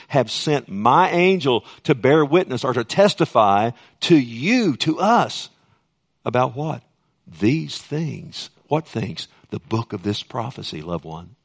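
Guy preaching, gravelly voice, chatty then suddenly loud and emphatic. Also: mid-range voice. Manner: conversational, rising to emphatic bursts. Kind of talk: sermon.

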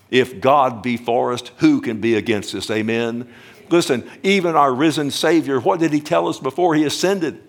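An older man preaching a sermon as pastor, emphatic and deliberate, swinging between hushed lines and booming ones, drawing out key words. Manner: slow, drawn-out phrasing on key words.

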